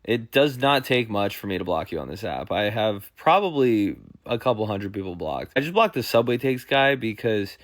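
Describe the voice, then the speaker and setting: A man's voice: lowish voice, expressive, normal speed, few pauses, no echo, studio quality. Male comedian, sarcastic ranting delivery, swears freely. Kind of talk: comedic monologue clips.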